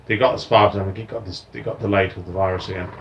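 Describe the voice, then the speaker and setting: A man's voice: deep voice, fairly even intonation, racing, highs cut off, heavy background noise. A man hosting a casual podcast, reading out news items in a chatty, rambling way. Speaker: podcast host.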